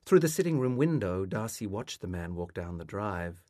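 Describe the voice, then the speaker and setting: Low-voiced man reading his novel. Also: big pitch swings, moderate pace, a little mellow, dry recording, studio quality. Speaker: author. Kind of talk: reading a literary novel aloud.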